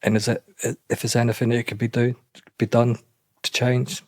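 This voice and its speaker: Halting man, dry close sound. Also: mid-range voice, level tone, a little mellow, dry recording. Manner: halting, repeats himself, many restarts. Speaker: interview guest. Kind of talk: emotional personal account.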